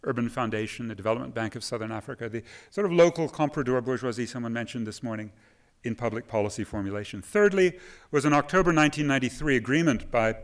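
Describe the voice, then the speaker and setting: A man's voice: medium pitch, quick pace. A man speaking on a conference panel into a microphone, emphatic and quoting sources at length. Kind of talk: conference talk. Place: conference hall. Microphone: microphone at a podium.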